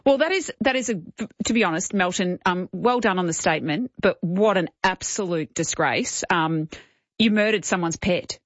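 Aussie lady radio host, lowish voice, blunt and fired up, dry slightly dull sound. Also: no echo. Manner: indignant, blunt and conversational. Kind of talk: talkback radio commentary.

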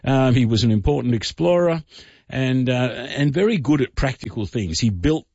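A man's voice: mid-range voice, lively intonation, moderate pace, darkish tone, husky, no room sound. Rambling man telling history on radio. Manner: rambling, many fillers and restarts. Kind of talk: casual radio storytelling. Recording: dull dry radio studio sound.

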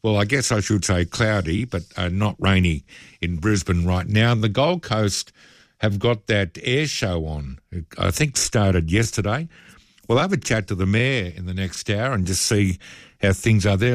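A male radio host with an Australian accent chats casually on air in a fairly low voice, drifting into self-deprecating asides. He speaks into a close studio mic, and the sound is dry and close. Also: dry recording. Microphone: studio microphone.

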